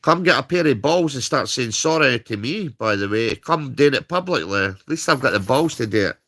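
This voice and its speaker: A man's voice: mid-range voice, animated, moderate pace, bright, forceful tone. A British man ranting on a livestream, heated and swearing, tagging his points with "right?". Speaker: streamer. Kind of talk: angry livestream rant.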